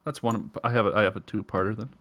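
A man co-hosting a podcast with a sore, hoarse throat, joking and laughing as he chats. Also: fairly low pitch, fairly even intonation, fast, fairly bright tone. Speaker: podcast co-host. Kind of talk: casual chat.

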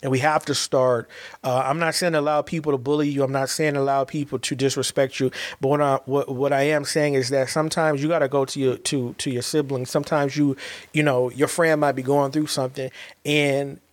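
A man's voice: medium pitch, flat delivery, fairly quick. A man and father giving a heartfelt monologue, earnest and emphatic, often repeating and restarting his words.

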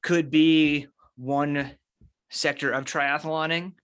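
Bright-voiced man hosting a podcast. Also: on the high side, steady tone, slow pace, clean tone. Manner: upbeat, asks the questions. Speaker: podcast host. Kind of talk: casual chat.

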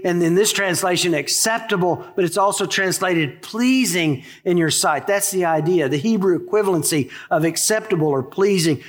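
Man in his sixties, pastor, sermon, high-pitched voice, folksy conversational delivery. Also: fairly bright tone. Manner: conversational, folksy preaching with asides to the congregation.

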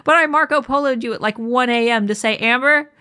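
A woman's voice: a little high, fast, sharp tone, smooth. Chatty co-host: a woman in her thirties who rambles and restarts, loose and casual. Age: 30s. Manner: rambling, many fillers and restarts. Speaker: podcast co-host. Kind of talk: casual chat.

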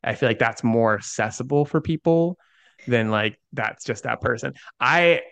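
A man's voice: mid-range voice, normal speed, creaky, a bit bright, dry recording. A young adult man, an interview guest, telling a story earnestly with lots of "like" fillers. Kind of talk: conversational storytelling.

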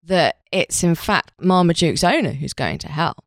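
Lively, low-voiced woman podcast host. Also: creaky. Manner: quick, tangential and playful, often laughing mid-sentence. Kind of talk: casual comedic chat.

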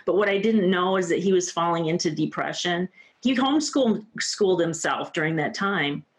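With a fairly low, expressive voice at a moderate pace, a woman in her fifties opens up as a guest on an interview show. Her personal storytelling is earnest and heartfelt, studded with plenty of "you know" and "like."

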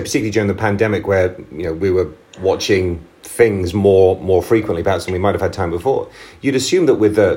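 A man hosting a podcast in casual conversation, rambling and repeating words as he goes. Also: fairly low pitch. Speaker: podcast host.

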